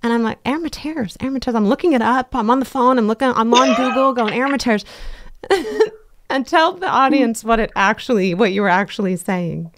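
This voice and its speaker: A woman co-hosting a podcast, chatting in a bubbly, giggly, animated way as she tells stories. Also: a little high, fairly quick, no echo, clean studio sound. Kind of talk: casual chat.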